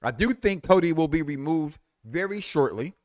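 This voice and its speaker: A man co-hosting a wrestling talk show, chatting casually in a lively, joking way with stammered restarts. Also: fairly high pitch, moderate pace, no echo. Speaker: wrestling podcast co-host. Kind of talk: casual barbershop-style chat.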